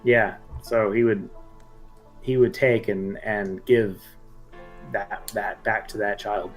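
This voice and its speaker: A man's voice: on the low side, steady tone, takes it slowly, faint music behind. A man as a player in a tabletop game, talking casually and hesitantly, often restarting his sentences. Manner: hesitant, lots of restarts and fillers.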